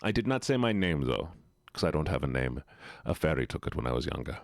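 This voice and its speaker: Low-voiced playful male streamer. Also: sing-song, a little fast, creaky, no echo, clean studio sound. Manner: playful, teasing, talks straight to chat. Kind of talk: casual live-stream chat.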